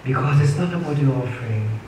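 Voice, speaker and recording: A man's voice: medium pitch, a little fast, noisy background. A man preaching a sermon as pastor, repeating his lines and asking the congregation to answer back. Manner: preaching with repetition and call-and-response. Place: church sanctuary. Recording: echoey church hall from far off.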